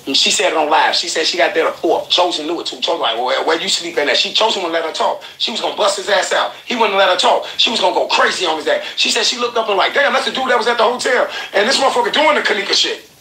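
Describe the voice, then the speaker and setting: A man hosting a podcast, telling a story in an animated, profane way and acting out the people he quotes. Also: high-pitched, fast. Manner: excitable, profane, acts out quotes. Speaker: podcast host. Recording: roomy echoey room, faint noise.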